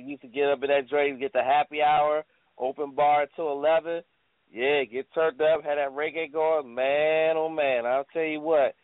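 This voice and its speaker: A man's voice: a little high, no echo. A man hosting an online radio talk show, chatting casually and loosely with lots of slang and fillers. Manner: laid-back, slangy, rambling with fillers. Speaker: podcast host. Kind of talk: casual internet radio chat. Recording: tinny phone-like line.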